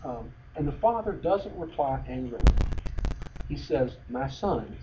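A man's voice: fairly high pitch, animated, unhurried. A middle-aged man preaching a sermon in a conversational way, full of fillers and restarts. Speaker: pastor. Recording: dull lo-fi sound with faint noise.

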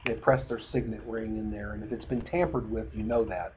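Man, bible study teacher, mellow voice, chatty and loose, dull lo-fi recording, faint noise. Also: lowish voice, fairly even intonation, a little fast. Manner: conversational, many fillers and restarts.

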